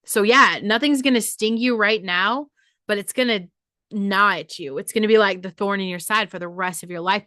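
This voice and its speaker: A woman's voice: medium pitch, bright, forceful tone, no room sound, clean studio sound. A woman hosting her own podcast, delivering a blunt, profane motivational monologue straight to her listeners. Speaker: podcast host.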